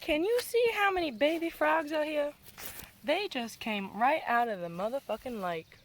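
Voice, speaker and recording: A woman's voice: sits high, lively intonation, normal speed, slight background noise. A woman working as a land steward, chattering and cooing at animals she meets outdoors on the trail. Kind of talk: casual walking vlog.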